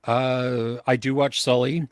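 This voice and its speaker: A man's voice: medium pitch, little pitch movement, slow pace, clear, resonant tone, no echo, studio quality. A man co-hosting a casual movie review podcast, enthusiastic, laughing often and trailing off mid-sentence. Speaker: podcast co-host. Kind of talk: casual chat.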